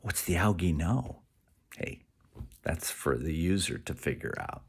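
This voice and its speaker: A man with a low, husky voice rambles through a spiritual monologue. His pitch swings widely as he acts out quoted voices. Sometimes he sinks to a whisper. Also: expressive, unhurried.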